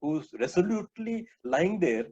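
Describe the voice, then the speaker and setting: Male preacher, sermon delivery, earnest with filler pauses, slightly high pitch, muffled lo-fi audio. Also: big pitch swings, a little mellow, breathy edge. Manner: earnest, addresses listeners as my friends, frequent uh fillers. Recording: dull lo-fi recording.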